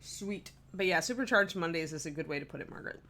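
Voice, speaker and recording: A woman's voice: lowish voice, lively intonation, quick pace, fairly bright tone. A sleepy woman chatting casually while she livestreams her miniature painting, rambling and laughing often. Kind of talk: casual live-stream chat. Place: home streaming room.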